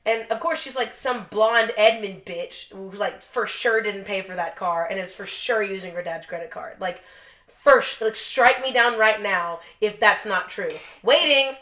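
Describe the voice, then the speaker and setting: A young woman co-hosts a podcast in casual, swear-filled chat. Her voice is bright and forceful. The room gives it a roomy echo. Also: medium pitch, measured pace. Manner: profane, blunt storytelling with laughs. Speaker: podcast co-host.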